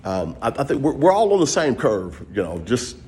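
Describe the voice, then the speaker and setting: A husky-voiced man talks through a long story in a loose, rambling way. His voice sits mid-range with a breathy, rough edge. He acts out his own lines with animation as he goes. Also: medium pitch, sing-song, moderate pace, dark tone. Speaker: vlogger telling a personal story. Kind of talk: casual storytelling monologue.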